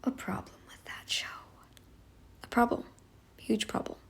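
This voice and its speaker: A woman's voice: a little slow, in a whisper. Emphatic woman ranting in commentary. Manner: emphatic, ranting with rhetorical questions; sarcastic, addresses listeners directly. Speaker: reaction channel host. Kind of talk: casual commentary.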